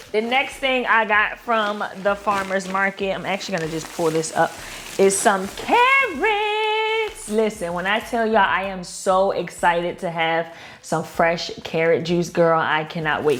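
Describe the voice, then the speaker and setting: A woman's voice: mid-range voice, a bit bright, slight background noise. A young woman with a Baltimore accent, chatting casually to her viewers in a lifestyle vlog. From Baltimore, Maryland. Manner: chatty, addresses viewers as "girl" and "y'all". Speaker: lifestyle vlogger.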